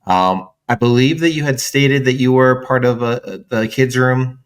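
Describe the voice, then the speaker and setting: A man hosting an interview, asking questions in a relaxed, hesitant way and sharing his own memories. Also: mid-range voice, moderate pace, clear, resonant tone. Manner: relaxed, hesitant with fillers and brief laughs. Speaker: interview host. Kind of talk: conversational interview.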